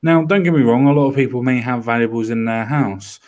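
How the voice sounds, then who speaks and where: A man's voice: mid-range voice, a little fast, darkish tone. A man in casual commentary chat, blunt and profane, ranting about a news story.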